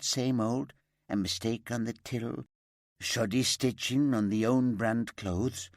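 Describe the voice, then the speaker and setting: A man's voice: medium pitch, no room sound, studio quality. A man voicing a chatty middle-aged woman shop worker who rambles and gossips. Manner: gossipy, rambling, eager to help. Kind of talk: audiobook character voice.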